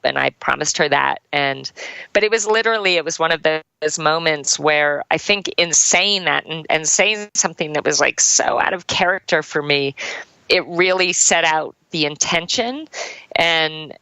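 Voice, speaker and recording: A woman's voice: low-pitched, normal speed, vocal fry, bright, forceful tone, clean tone, no echo, poor audio. A woman and former triathlon champion turned coach tells a personal story in an interview, earnest and heartfelt, with many "like" fillers.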